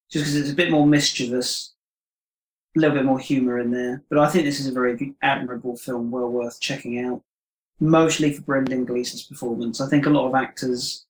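A man as a podcast guest in casual film discussion, speaking in a polite, measured, slightly tentative way. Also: a little high. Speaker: podcast guest, former co-host. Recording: roomy echo.

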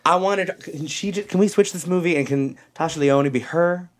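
A man's voice: fairly high pitch, normal speed. A young man co-hosting a casual podcast, telling a story with campy flair and acting out the parts, his voice worn down. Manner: animated, campy storytelling, acts out scenes. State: losing his voice. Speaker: podcast co-host. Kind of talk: casual chat.

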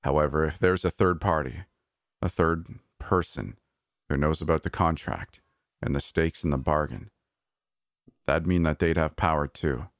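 A narrator doing a desperate male manager, hushed and halting, low deep pitch, dry close sound. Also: no room sound. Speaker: park manager.

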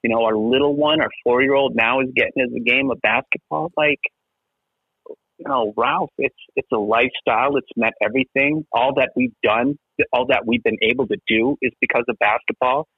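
A man's voice: mid-range voice, fairly even intonation, a little fast, slightly rough, dry recording. A middle-aged basketball referee, a man, talking earnestly in a podcast interview and often asking "right?". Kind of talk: podcast interview, casual chat. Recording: tinny phone-line sound.

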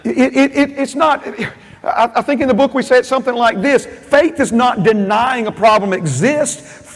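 A man's voice: extremely high pitch, a bit bright, big-room sound. A man preaching a sermon as pastor, emphatic and repetitive, with frequent amens.

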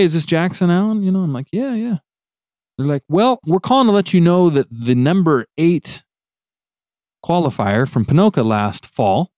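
This man has a medium-pitched voice, captured dry at studio quality. Chatting casually on a podcast, he spins a long, animated tale, laughing frequently and performing other people's lines.

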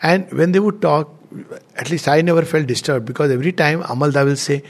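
Man, middle-aged, slightly high voice, gentle devotional storyteller who chuckles often. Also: brisk. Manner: gentle, chuckles through anecdotes. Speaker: spiritual speaker.

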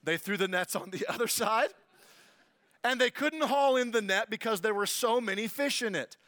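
A man preaching a sermon, telling the story with animated, jokey asides that swing from quiet to loud. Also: sits high, normal speed, no echo. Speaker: pastor.

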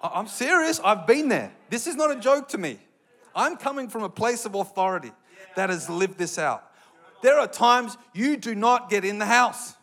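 An Australian man preaching a sermon with passion, building to loud, emphatic bursts. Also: high-pitched, animated, moderate pace.

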